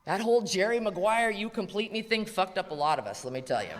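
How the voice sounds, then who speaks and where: A woman's voice: medium pitch, animated, fast talker, a little hiss or hum. An American woman giving a blunt, profane, emphatic recovery talk at a convention. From USA. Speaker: recovery speaker. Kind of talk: live speech at a convention. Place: large convention hall. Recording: echoey convention hall.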